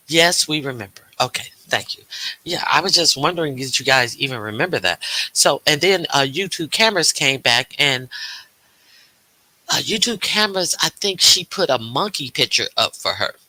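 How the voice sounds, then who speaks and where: A man hosts a casual livestream, rambling along with lots of fillers and restarts. He reads viewers' chat aloud and answers it. His voice is very bright and the recording is dry. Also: a little high, animated, normal speed, no echo, poor audio. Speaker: livestream host.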